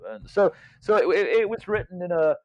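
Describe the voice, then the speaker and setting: A high-pitched, slightly fast voice comes through a dry recording with a dull, lo-fi quality. The speaker is a man in his fifties or older, an author and legal scholar giving a reflective interview as a guest, hesitating and restarting often as he thinks.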